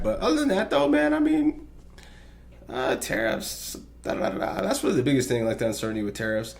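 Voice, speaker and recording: A man hosting a reaction video, chatting loosely in casual slang. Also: medium pitch.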